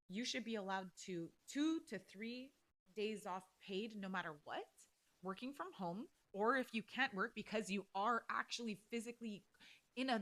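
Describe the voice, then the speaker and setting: A woman talks through a solo podcast episode in a loose, ranting way. She is blunt and fired up, and she swears freely as she vents. Her voice sits at an ordinary middle pitch for a woman. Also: a bit bright. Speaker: podcast host. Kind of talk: casual solo podcast rant.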